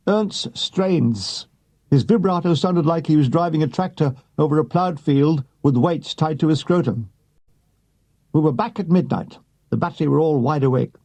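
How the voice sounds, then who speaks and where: Male memoir reader, gravelly and husky, mellow tone, dry comic timing. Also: fairly high pitch. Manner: dry comic delivery with voiced quotes. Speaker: audiobook reader. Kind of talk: reading a wartime memoir aloud.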